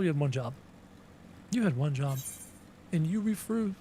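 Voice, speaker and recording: A man's voice: fairly high pitch, animated, a little fast, long pauses, breathy edge. A man streaming a game live, chatting casually with his viewers in a playful, teasing, self-mocking way.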